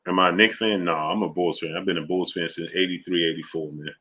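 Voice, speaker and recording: A man's voice: sits low, steady tone, quick pace, sharp tone. A man with a New York accent, chatting casually on a livestream and greeting viewers by name in slangy talk. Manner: slangy, reads out viewer names and greets them. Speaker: livestream host.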